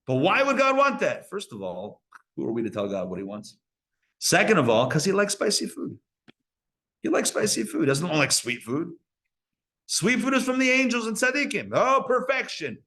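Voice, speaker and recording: A rabbi giving a live Torah lecture to an audience at a community center, talking in a conversational way with playful asides to the listeners. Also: male voice, high voice, very animated, moderate pace, fairly bright tone. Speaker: rabbi teaching a class.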